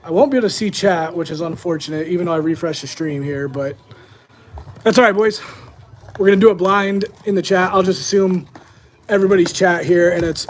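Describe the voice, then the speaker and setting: A man's voice: high voice, fairly quick, a little hiss or hum. A young man hosting a live-streamed sports card break, chatting casually to his viewers as he opens packs.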